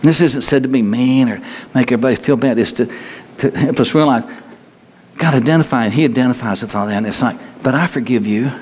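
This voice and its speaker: Man, preaching a sermon, casual and halting, mid-pitched voice, faint room ambience. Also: a little mellow, in a large hall, slight background noise. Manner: conversational, halting with repeated restarts.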